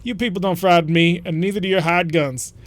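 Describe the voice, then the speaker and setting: A brash frontier mercenary commander in a video game, defiant and unafraid, spitting back at a tyrant, read out by a man. The lines are pushed out louder than his usual talk. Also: sits high, steady tone, a little fast, no echo, close to an everyday voice.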